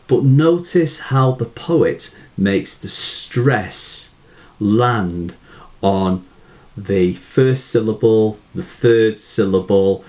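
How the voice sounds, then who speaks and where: A man teaching poetry in a measured way, asking rhetorical questions and reading verse slowly aloud. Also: lowish voice, darkish tone. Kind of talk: explanatory lesson.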